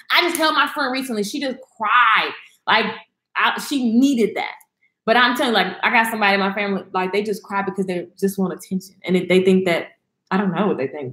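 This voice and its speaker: A woman with a mid-range, slightly bright voice hosts a live video chat indoors at home. She keeps it casual but blunt and sassy, speaking no-nonsense, and the recording has an echoey room sound.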